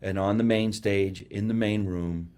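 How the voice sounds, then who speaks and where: A man, talking in a low voice in casual comedy chat. He tells stories with energy and acts out the voices of the people in them. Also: a little slow, clear, resonant tone. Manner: animated storyteller, acts out quotes. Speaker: podcast host.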